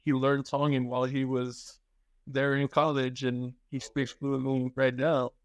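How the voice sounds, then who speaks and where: A man co-hosting a podcast, telling family stories in a lively way and acting out the voices of the people he quotes. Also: mid-range voice, measured pace, no room sound. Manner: animated storyteller, acts out quotes. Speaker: podcast co-host. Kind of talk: casual chat.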